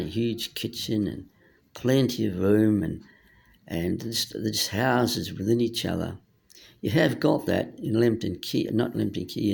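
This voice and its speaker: Gravelly New man rambling on. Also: on the low side, a little mellow. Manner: meandering, hesitant, loses his train of thought. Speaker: speaker. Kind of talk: rambling monologue.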